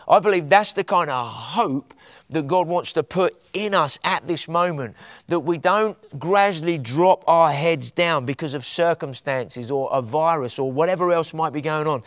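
A man preaching with passion, his voice sitting a little high and rising to emphatic peaks. The recording is dry and close, with no room echo. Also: normal speed. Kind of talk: sermon.

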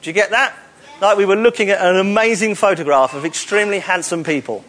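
A man's voice: high voice, quick pace, fairly bright tone. A man leading a live audience on a hall stage, coaxing volunteers with playful, teasing jokes. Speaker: presenter leading audience participation.

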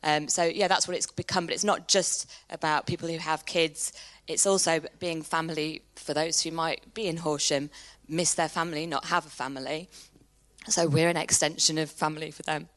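Woman, low voice, chatting about her church group, laughs a lot. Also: steady tone, moderate pace, fairly bright tone. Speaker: small group leader. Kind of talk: on-stage interview at a church service. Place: church hall stage.

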